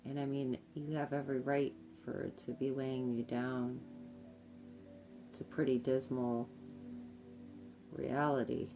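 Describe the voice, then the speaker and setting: Very low-voiced, slow woman reading tarot. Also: little pitch movement, soft background music. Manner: hesitant, repeats words, many fillers. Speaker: tarot card reader. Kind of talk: intuitive tarot reading to camera.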